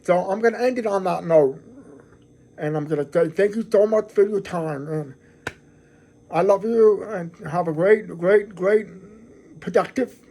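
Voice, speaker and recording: High-voiced man, earnest rambling vlogger. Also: measured pace, dark tone, a little hiss or hum. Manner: repetitive, restarts often, earnest and effusive. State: emotional, near tears. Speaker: channel host. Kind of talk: casual talking-to-camera vlog.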